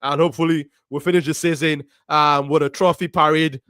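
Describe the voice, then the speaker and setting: A man co-hosting a live fan stream, reading viewer comments in a measured way with many ums. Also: fairly high pitch, fairly even intonation, a bit bright, clear, resonant tone, dry recording, clean studio sound. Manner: measured, with frequent ums and repeats.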